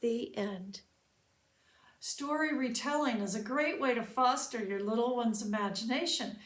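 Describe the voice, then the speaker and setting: A woman, a children's librarian, reading a storybook aloud slowly and expressively. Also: a little high. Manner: slow and expressive.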